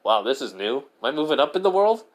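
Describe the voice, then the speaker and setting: A man voicing a cheeky, sarcastic eighteen-year-old boy turned ice spirit, in a loud voice pitched above his own. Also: very animated, fast, lightly acted. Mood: cocky teasing. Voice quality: loud, higher than his narrating voice. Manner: brash, mocking.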